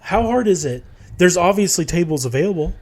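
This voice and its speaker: A man's voice: high-pitched, expressive, brisk, a little mellow. Blunt, foul-mouthed male podcast co-host. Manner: blunt and emphatic, swears freely when he gets going. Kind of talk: casual podcast chat.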